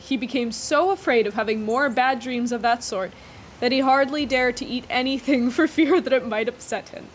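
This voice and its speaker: Book vlogger, female, chatty and eager, higher-pitched voice, reads aloud with asides. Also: slight background noise. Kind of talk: reading aloud with casual commentary.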